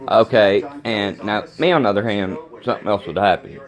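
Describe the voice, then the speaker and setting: Middle-aged guy ranting mad at his phone, kinda low voice, people chattering behind him. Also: fairly quick, crowd noise. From Kentucky. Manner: agitated, repetitive, plain-spoken. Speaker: vlogger. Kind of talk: angry rambling rant to camera.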